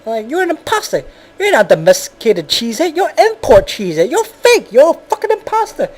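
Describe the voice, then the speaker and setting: A man playing an outraged domestic cheese guarding his turf, shrieking his accusations in a high, strained yell. The voice sits well above a normal speaking pitch. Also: huge pitch swings, moderate pace, exaggerated voice. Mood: furious. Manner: shrill yelling, accusing. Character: angry territorial domestic cheese, male.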